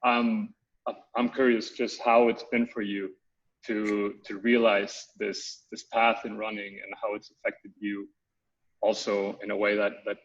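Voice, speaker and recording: A man's voice: fairly low pitch, little pitch movement, unhurried. A man hosting a panel talk, hesitant with many repeats, handing a question to a guest. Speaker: panel host. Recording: dull lo-fi sound.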